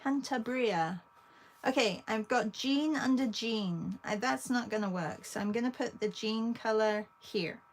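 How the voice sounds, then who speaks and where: A woman with an English accent, hosting an art livestream, chatting casually with viewers while she paints and pausing often. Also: a little high. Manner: chatty, talks to viewers between long pauses.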